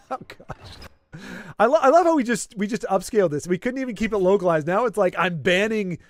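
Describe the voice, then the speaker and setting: A man's voice: sits high, expressive, normal speed. A man chatting casually with his livestream audience, rambling and playfully arguing, with many restarts. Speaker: streamer.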